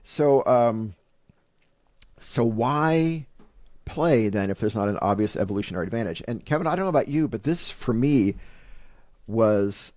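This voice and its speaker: Man, podcast co-host, casual chat, thoughtful, enthusiastic, animated pitch. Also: no echo. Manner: thoughtful, enthusiastic, quick to laugh.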